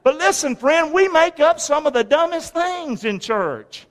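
A man preaching a lively, folksy sermon in a church, calling the congregation to answer back. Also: very high-pitched, moderate pace, few pauses. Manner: folksy, call-and-response preaching. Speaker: pastor. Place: large church sanctuary. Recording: long reverb of a large hall.

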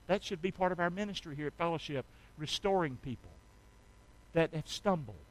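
A man preaching a sermon, swinging from hushed lines to shouted ones with call-and-response. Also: on the high side, fairly quick, rough recording. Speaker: pastor.

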